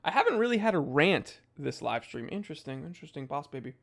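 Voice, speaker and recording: A young man hosting a casual livestream, reading viewer comments aloud in a goofy, jokey way with sudden loud outbursts. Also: fairly high pitch, very animated, fast, creaky. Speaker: watch channel host.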